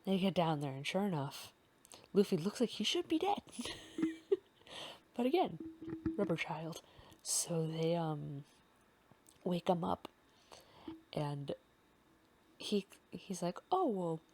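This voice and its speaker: A woman hosting a casual fanfic recap, rambling with many fillers and often slipping into a soft half-whisper. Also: on the low side, animated, slow pace, long pauses, slight background noise. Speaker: podcast host recapping a fanfic.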